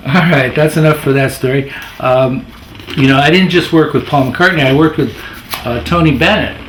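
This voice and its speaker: A man's voice: mid-range voice, moderate pace, a bit bright. Rambling middle-aged man in an echoey room. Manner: rambling, self-correcting. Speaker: former video editor, guest storyteller. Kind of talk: casual anecdotes. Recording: roomy with faint noise.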